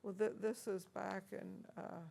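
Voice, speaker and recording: At a measured pace and in a level tone, an older organist shares memories of past encounters in a chatty interview at a university room. Her mid-range voice is mellow but also gravelly and husky. She tells anecdote after anecdote, laughing often and filling her speech with fillers.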